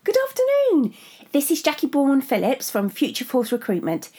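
A woman's voice: sits high, huge pitch swings, normal speed, warm tone, voice pushed up. A woman voicing a chirpy, formal female recruiter on the phone in a story reading.

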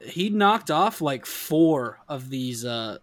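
A man hosting a casual podcast, talking in a deadpan, sarcastic way. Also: mid-range voice, slow, dry recording, clean studio sound. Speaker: podcast host. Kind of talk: casual chat.

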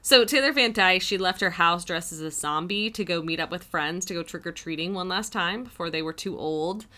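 A woman's voice: fairly low pitch, fairly quick, pushed and bright. A woman in her late twenties co-hosting a true crime podcast in casual, chatty talk, with many filler words and giggly asides. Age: late 20s. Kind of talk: casual chat.

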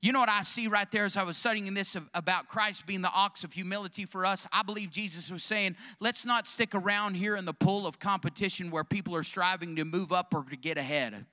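High, bright-voiced preacher man. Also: a little fast, few pauses. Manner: preaching with call-and-response questions to the congregation. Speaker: pastor. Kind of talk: sermon.

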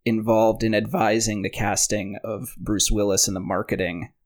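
A man hosting a casual movie podcast, sharing trivia in a relaxed, joking way. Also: fairly low pitch, moderate pace. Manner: relaxed, shares trivia, jokes around. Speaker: podcast host.

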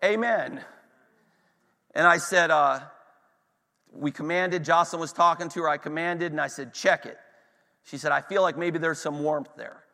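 A man with a fairly high, sharp-toned voice preaches at a moderate pace, pausing often. He tells a story with passion to his congregation, checking in by asking "are you with me," and the recording carries long hall reverb.

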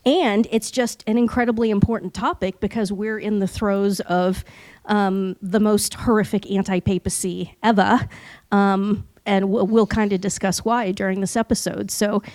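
A woman's voice: medium pitch, fairly even intonation, normal speed, darkish tone, no echo, poor audio. A woman co-hosting a podcast in casual chat, talking in a chatty way with many fillers. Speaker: podcast co-host.

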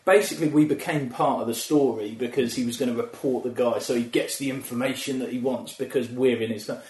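A man spins lively stories as a guest, breaking into laughter often. His voice sits at an ordinary pitch. The room has a noticeable echo. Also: fast talker, recorded from a distance. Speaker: guest, actor. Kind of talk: anecdotal storytelling in casual chat. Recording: roomy echo.

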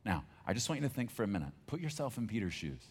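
A man's voice: lowish voice, sing-song, fast, darkish tone, breathy edge. A male pastor preaching a sermon in a conversational, emphatic storytelling manner.

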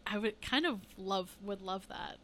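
A woman's voice: mid-range voice, unhurried, fairly bright tone, a little hiss or hum. A woman co-hosting a podcast in casual chat, laughing easily and giving lots of short agreeing replies. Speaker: podcast co-host.

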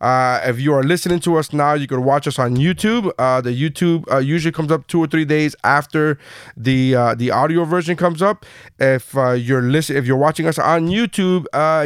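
A man's voice: fairly high pitch, clean tone, no room sound, clean studio sound. A man in his thirties hosting a podcast in casual chat, rambling with many fillers and swearing. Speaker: podcast host.

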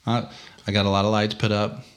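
A man's voice: lowish voice, monotone, a little fast. A man with a Texan accent, co-hosting a casual podcast, chatting in an upbeat, playful way. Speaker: podcast co-host. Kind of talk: casual chat.

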